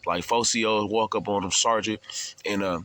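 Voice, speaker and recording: A man's voice: on the low side, fairly even intonation, moderate pace, sharp tone. A man telling a story in a loose, profane, casual way, laughing along as he goes.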